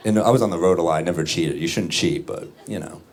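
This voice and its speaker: A man doing a stand-up comedy set on a club stage, dry and deadpan, with quick asides, recorded live. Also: low-pitched. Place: comedy club stage before a laughing audience. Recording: live club recording, loud crowd laughter. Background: audience laughter and room ambience.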